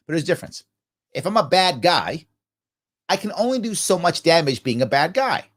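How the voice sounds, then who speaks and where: A middle-aged New Yorker hosts a live ask-me-anything stream, his voice a little high and a little fast. He answers viewer comments in an animated, preachy way, acting out small imagined conversations.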